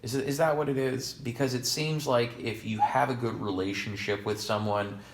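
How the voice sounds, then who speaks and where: A man's voice: mid-range voice, fairly even intonation, moderate pace. A man co-hosting a podcast in casual chat, rambling and sarcastic with jokey asides. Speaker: podcast co-host. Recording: echoey room.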